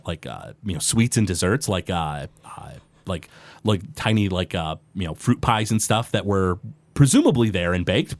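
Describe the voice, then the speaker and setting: Low-voiced rambling game master man. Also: no room sound. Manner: rambling, many fillers. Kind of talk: narrating a tabletop game.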